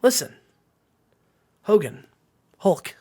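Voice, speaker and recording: A man's voice: high-pitched, sing-song, very slow, dark tone, husky, heavily acted. A man doing a fired-up loyal wrestler. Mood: rallying. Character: loyal male wrestler, fired-up tag partner.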